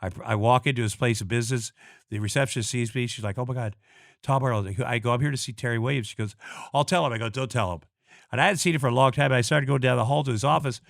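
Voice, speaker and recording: A middle-aged man from Iowa tells a personal story as a guest, in a voice of ordinary pitch. He talks bluntly, swears freely and stumbles through restarts and repeated words. The sound is dry, with no room echo. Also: vocal fry, fairly bright tone. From Iowa, USA. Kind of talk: personal storytelling in casual talk.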